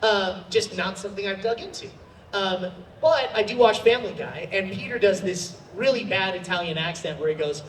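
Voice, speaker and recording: A man, a voice actor, answering audience questions at a convention panel in a chatty, animated way with many fillers. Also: high voice, moderate pace, a little hiss or hum. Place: large convention hall. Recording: roomy hall sound from a distant mic.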